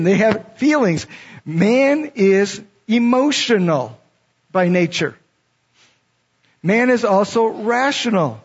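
A man's voice: high-pitched, big pitch swings, takes it slowly, pauses often, slightly rough. A middle-aged man preaching a sermon, reading scripture verses and then explaining them in a teaching way. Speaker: pastor. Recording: dull lo-fi sound.

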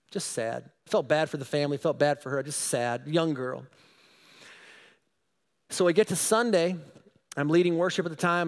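A male pastor telling a personal story in a sermon, animated and rising to excited emphasis. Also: a little high.

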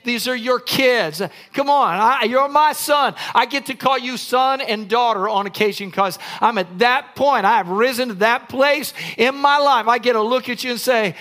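An older man preaching a sermon, his voice pitched very high for a man. His tone is bright and forceful, and he leans into emphatic, shouted lines. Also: moderate pace, hardly any pauses. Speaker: pastor.

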